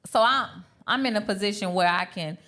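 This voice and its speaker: A woman's voice: medium pitch, moderate pace, bright, forceful tone. A woman co-hosting a live podcast panel, telling a personal story in an earnest way and repeating her points for emphasis. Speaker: podcast co-host. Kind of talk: candid chat at a live brunch panel.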